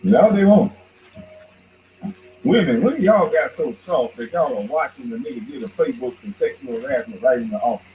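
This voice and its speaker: A man hosting a podcast, ranting in heated, profane commentary that swings between mocking shouts and low mutters. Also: animated, normal speed, slight background noise. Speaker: podcast host. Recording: dull lo-fi recording.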